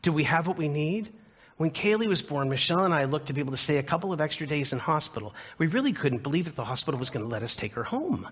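Earnest preacher, a man with a higher voice. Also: big pitch swings, fast, fairly bright tone, slightly rough. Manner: earnest storytelling with rhetorical questions. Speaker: pastor. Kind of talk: sermon. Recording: dull lo-fi recording.

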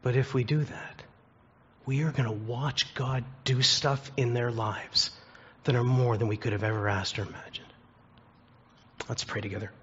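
A man preaching a sermon as a pastor, telling a story earnestly and slowing down for emphasis. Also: medium pitch, steady tone, fairly bright tone, muffled recording, a little hiss or hum.

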